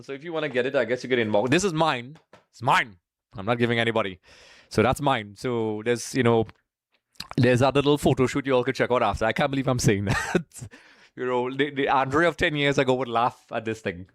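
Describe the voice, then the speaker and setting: A man's voice: mid-range voice, brisk, no echo, studio quality. Chatty man hosting a stream. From Trinidad. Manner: chatty, greets viewers by name, keeps saying folks. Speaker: live stream host. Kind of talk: casual live watch-along chat.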